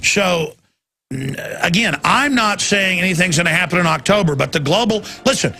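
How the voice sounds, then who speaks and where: Gravelly, fired-up male radio host. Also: high-pitched, normal speed, a little hiss or hum. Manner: intense, rambling, rising to loud excited peaks. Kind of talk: ranting talk radio monologue.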